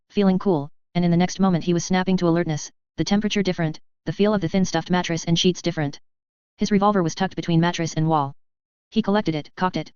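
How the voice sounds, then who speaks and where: A woman narrating a novel in a brisk, steady reading. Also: lowish voice, clean tone, dry recording, lo-fi sound. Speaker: audiobook narrator. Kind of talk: scripted narration.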